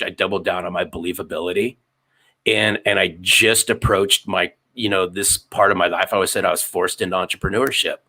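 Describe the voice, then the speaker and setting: A sales author in his fifties speaks as an interview guest. His voice sits low yet sounds bright and forceful. He drives his points with emphatic repetition. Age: 50s. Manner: emphatic, repeats phrases for effect. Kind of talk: storytelling interview answers.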